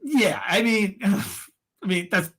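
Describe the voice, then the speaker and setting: High-voiced heated man. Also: lively intonation, slow pace, a bit bright, slightly rough. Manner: rambling, heated, many restarts and fillers. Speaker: podcast co-host. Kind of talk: casual opinion chat.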